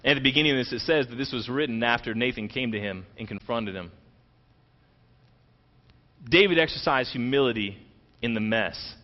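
A man preaching a sermon, retelling a scripture story in animated, conversational language and acting out the quoted lines. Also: mid-range voice, moderate pace, long pauses, highs cut off. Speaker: pastor.

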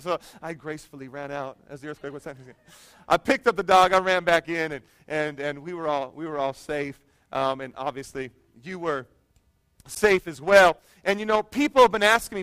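A man's voice: high voice, fairly quick, a bit bright, no room sound. A man preaching a sermon to his church, chatty and humorous, telling personal stories. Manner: conversational storytelling with humor. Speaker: pastor.

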